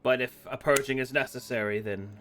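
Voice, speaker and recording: A cold, formal temple official who speaks in measured, deliberate phrases, as a man puts him on. His voice is bright and ringing, and faint music plays behind him. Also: mid-range voice, steady tone, natural voice. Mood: stern.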